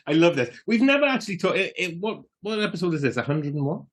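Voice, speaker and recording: A man's voice: a little high, lively intonation, brisk, a bit bright. Jokey, loose-talking podcast man. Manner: jokey, loose, swears casually. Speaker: podcast co-host. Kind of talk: casual film chat.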